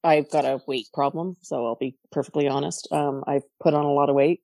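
A woman's voice: low-pitched, brisk, vocal fry, dry recording, studio quality. A middle-aged woman from Canada, a podcast guest, talking casually and emotionally as she tells stories. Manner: emotional, animated storytelling. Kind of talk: casual interview talk.

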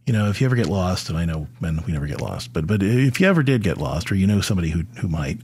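Middle-aged guy with a low husky voice, chatty faith talk to dads, lots of um and you know. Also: sing-song, racing, a little mellow. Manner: conversational, with many fillers and repeated words. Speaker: podcast host. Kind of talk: faith talk addressed to fathers.

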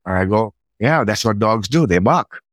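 In an echo-free recording, a middle-aged podcast guest with a lowish voice recounts a personal story at a moderate pace, easygoing and conversational, reenacting his part in earlier conversations.

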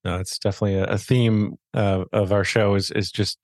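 A man's voice: fairly low pitch, flat delivery, brisk, a little mellow, no echo, studio quality. A man hosting a podcast, chatting casually and rambling with restarts. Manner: friendly, rambling, with many restarts and fillers. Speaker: podcast host. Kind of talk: casual interview chat.

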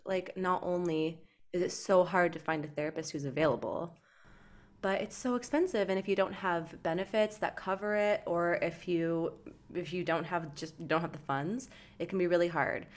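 A young woman co-hosts a podcast, chatting casually in a warm, affectionate and emotional way, dropping "like" often. Her voice is fairly low with fairly even intonation, at normal speed.

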